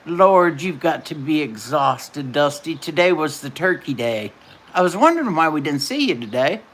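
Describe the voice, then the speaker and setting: Folksy woman, low voice. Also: sing-song, moderate pace. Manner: folksy, chatty, storytelling. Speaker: livestream host. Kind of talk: casual livestream chat.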